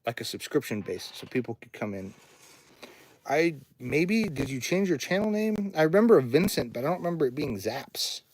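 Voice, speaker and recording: A man's voice: on the high side, very animated, moderate pace, a little mellow, slight background noise. A man who runs a recording studio, chatting casually on a livestream, rambling and reading viewer comments aloud in his home studio.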